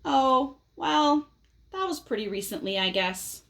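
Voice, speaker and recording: A woman's voice: high-pitched, expressive, creaky, a bit bright, slight background noise, pitched above the performer's own voice, exaggerated voice. A woman doing a stubborn whiny pigeon. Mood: stubborn, grumpy. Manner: whiny, drawn-out excuses. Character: stubborn grumpy young male pigeon avoiding a bath. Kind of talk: storybook read-aloud voice.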